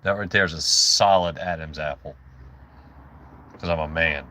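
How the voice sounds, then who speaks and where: A man's voice: very deep voice, moderate pace, bright, forceful tone. A man hosting a casual livestream, rambling and joking with his chat in loose asides. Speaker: livestream host.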